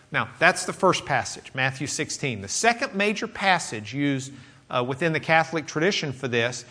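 A male pastor teaches from the pulpit in a chatty, rambling way, stopping to joke with the congregation. His voice sits a little high and rings bright and forceful. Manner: conversational, many fillers, asides to the congregation. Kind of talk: sermon teaching.

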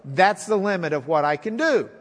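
A man's voice: sits high, animated, normal speed, in a large hall, pitched below the performer's own voice. A man voicing a boastful, defensive male diviner in a retold story during a sermon. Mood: protesting. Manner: pompous, protesting.

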